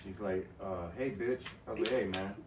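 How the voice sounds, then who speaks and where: Young man, casual podcast chat, crude and animated, distant mic, echoey room. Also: on the low side, moderate pace, a little hiss or hum. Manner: crude, animated storytelling, laughing a lot. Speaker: podcast co-host.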